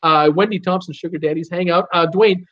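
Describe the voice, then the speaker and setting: A man's voice: high-pitched, steady tone, brisk, fairly bright tone, dull audio. A man from Canada hosting a live cruise show from home, reading viewer comments aloud and joking along. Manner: chatty, reads names aloud and jokes along.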